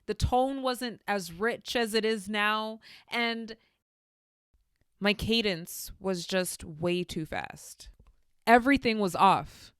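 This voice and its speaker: A young woman hosts her own podcast, talking in a candid, animated, storytelling way. Her voice is smooth and resonant, with a mid-range pitch. The sound is close and dry, with no room echo. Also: takes it slowly. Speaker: podcast host. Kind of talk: reflective solo podcast monologue.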